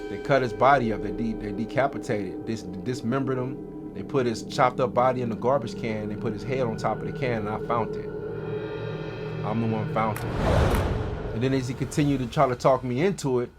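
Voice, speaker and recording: A man's voice: mid-range voice, a little fast, over loud music. A man telling his own life story as a guest, in streetwise slang with vivid, dramatic retelling. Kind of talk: first-person life story.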